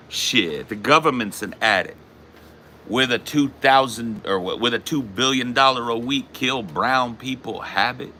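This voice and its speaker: Profane, bright-voiced man venting anger. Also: medium pitch, unhurried, slight background noise. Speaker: podcast host. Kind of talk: casual ranting monologue.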